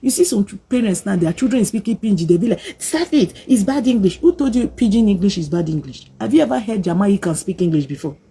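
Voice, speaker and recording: A woman's voice: mid-range voice, lively intonation, quick pace, hardly any pauses, mellow, husky. A woman with a Nigerian accent scolding her viewers in an emphatic vlog rant, slipping into pidgin. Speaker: vlogger. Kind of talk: opinionated rant to camera.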